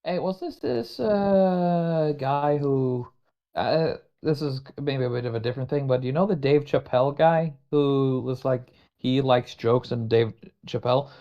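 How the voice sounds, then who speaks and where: A man co-hosting a podcast, trading sardonic, mock-cheerful quips in casual chat. His voice is mid-pitched. The recording is slightly dull and lo-fi. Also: a little slow. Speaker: podcast co-host.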